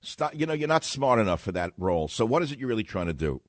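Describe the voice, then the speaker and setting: A man's voice: on the low side, sing-song, fast, no echo. New york guy on talk radio, sarcastic and combative, super dry studio sound. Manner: blunt, sarcastic, confrontational. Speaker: radio talk show host. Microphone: studio microphone.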